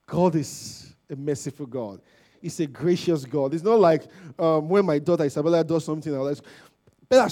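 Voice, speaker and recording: A man preaches in a relaxed, informal sermon, talking to the congregation as if chatting with them. His voice sits somewhat high yet sounds mellow and warm. He keeps checking in with the listeners, swelling for emphasis and then dropping away quietly. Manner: informal, peppered with "you know" and "okay?" checks to the congregation; animated, rising loud at emphasis and trailing low. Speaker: lay preacher. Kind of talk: conversational sermon.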